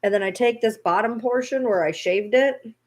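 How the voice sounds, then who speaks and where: A woman's voice: fairly high pitch, moderate pace, a little mellow. A woman vlogging casually at home, playfully scolding her dogs in a baby-talk tone. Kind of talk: casual vlog chat.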